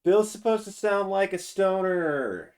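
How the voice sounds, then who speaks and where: Sitting high and animated yet unhurried, this man's voice carries a casual, profane rant as he streams his reaction to a game trailer. He drawls, swears, and keeps restarting his sentences.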